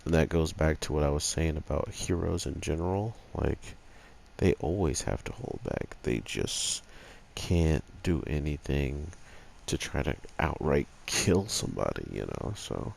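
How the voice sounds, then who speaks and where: A man's voice: extremely low pitch, expressive, unhurried, creaky, darkish tone, a little hiss or hum. A man casually reviewing an anime episode late at night, sounding sleepy and rambling in a laid-back way.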